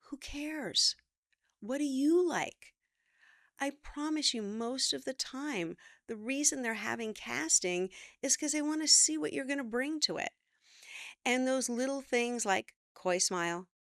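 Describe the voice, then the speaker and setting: Emphatic woman acting coach, dry close sound. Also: dry recording. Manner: energetic, emphatic, animated with pitch jumps when quoting. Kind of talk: direct-to-camera acting advice.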